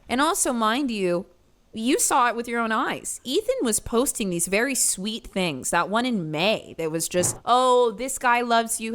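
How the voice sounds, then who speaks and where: A woman's voice: medium pitch, a bit bright. Dramatic woman doing gossip commentary. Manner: emphatic, dramatic, addresses viewers. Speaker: commentator in the reacted video.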